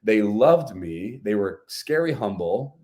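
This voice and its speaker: Podcast guest, male, lowish voice, earnest storyteller, conversational, leans on fillers. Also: sing-song, takes it slowly, a little mellow.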